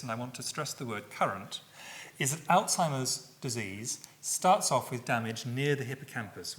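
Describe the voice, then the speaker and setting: Measured middle-aged man giving a lecture. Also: medium pitch, a bit bright. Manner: measured, with frequent fillers and self-corrections. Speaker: public lecturer. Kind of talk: academic public lecture.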